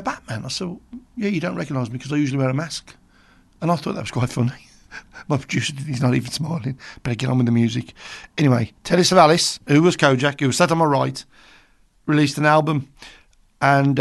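A man in his sixties with a Birmingham accent presents a radio show, wandering off into a story between songs. His voice is gravelly and sits at an ordinary male pitch. He talks in a loose, self-amused way, full of asides. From England. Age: 60s.

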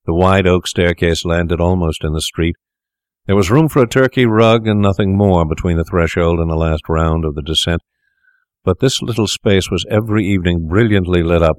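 A male audiobook narrator reading a classic tale in a measured, formal way. His voice is very low and deep. The recording is dry and close, with no room sound. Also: clear, resonant tone, no echo.

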